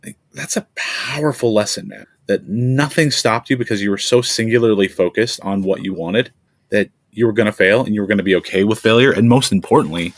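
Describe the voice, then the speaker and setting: A low-voiced man hosts a podcast, earnest and emphatic as he reflects on his guest's lessons. The sound is dry, close and free of room echo. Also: a little fast. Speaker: podcast host. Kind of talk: reflective interview commentary.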